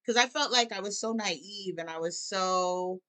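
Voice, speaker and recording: A woman's voice: medium pitch, a little slow, bright, forceful tone. A woman, a musician and life coach, speaking candidly as a guest and at times tearful as she tells of hard years. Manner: emotional, laughs through tears, acts out her own thoughts. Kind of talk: candid personal conversation.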